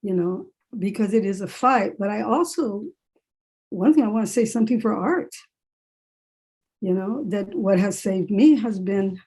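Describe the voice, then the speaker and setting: A woman's voice: mid-range voice, animated, a little slow, mellow, slightly rough. A woman who is a writer and English professor, talking candidly in a panel discussion over a video call and repeating phrases for emphasis.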